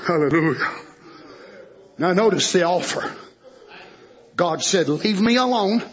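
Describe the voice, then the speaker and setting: A man preaching a fiery sermon, jumping between loud shouting and hushed near-whispers. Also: high voice, expressive, a little slow, lo-fi sound. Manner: swings from shouting to hushed, plays God's voice in quotes.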